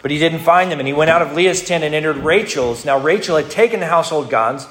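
Male pastor, expository sermon, slightly high voice, conversational, roomy echo. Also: fast talker, a bit bright. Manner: conversational teaching, with repeated restarts. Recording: roomy hall echo, faint noise.

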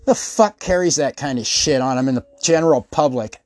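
Speaking briskly in a mid-range voice with no echo, a man hosts a podcast. He swears constantly and rambles through comedic stories, performing the voices of those he quotes.

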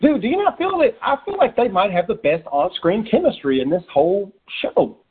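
Animated husky man on a tinny line. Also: sits high, fairly quick. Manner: animated, acts out character voices. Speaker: podcast co-host. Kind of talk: casual TV recap chat. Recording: tinny phone-like sound.

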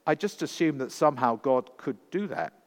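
A man's voice: medium pitch, expressive, normal speed, lightly acted. Man reading as a desperate, stammering father begging for his children; reverberant church reading. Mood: stumbling. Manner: stumbling, pleading. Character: desperate pleading father, middle-aged man. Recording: long reverb in a church hall.

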